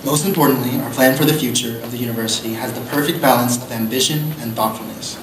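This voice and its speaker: A man's voice: mid-range voice, steady tone, fast talker. A young man, a student candidate, giving a formal, rousing debate closing statement. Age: young adult. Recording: roomy hall, clear background noise.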